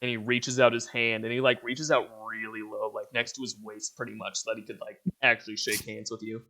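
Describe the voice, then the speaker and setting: A young man narrating a tabletop game as game master, casual and relaxed, laughing easily. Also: fairly low pitch, brisk.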